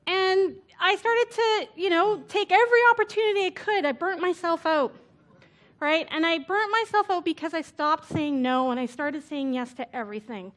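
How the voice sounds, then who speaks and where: A woman speaker at a conference, telling her story in a relaxed, chatty way full of "like" and "right?". Her voice sits noticeably high. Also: normal speed. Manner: casual, chatty, lots of "like" and "right?". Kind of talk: conference talk. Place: conference stage before an audience.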